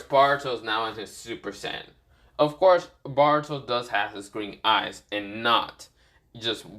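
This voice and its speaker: A man's voice: mid-range voice, pushed and bright. A man casually telling an improvised fan story, rambling and correcting himself with many fillers.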